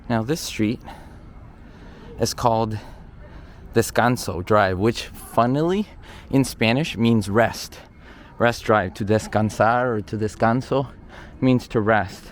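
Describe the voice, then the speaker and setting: A man with a lowish voice talks slowly as he narrates a casual outdoor walking tour of a hillside stairway. He's a vlogger, chatty and thinking aloud, a bit out of breath from the climb, captured on a handheld camera mic with faint outdoor ambient noise.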